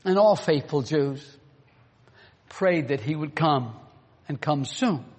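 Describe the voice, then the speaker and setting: High-voiced man preaching in a reverberant hall. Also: lively intonation, slow, a little mellow, husky. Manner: earnest, rhetorical questions to the room. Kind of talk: sermon.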